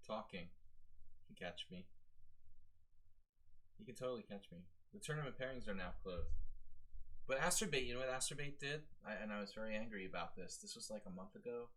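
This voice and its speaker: A man's voice: lowish voice, bright, forceful tone, low-quality recording. A man giving casual, rambling commentary on his live chess stream, talking to his chat with lots of fillers. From American.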